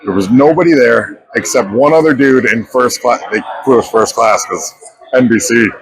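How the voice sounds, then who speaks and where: A man, an actor in his thirties, telling stories in a lively way as an interview guest at a convention, acting out the dialogue he quotes. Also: mid-range voice, normal speed, low-quality recording. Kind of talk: animated storytelling interview. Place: pop culture convention.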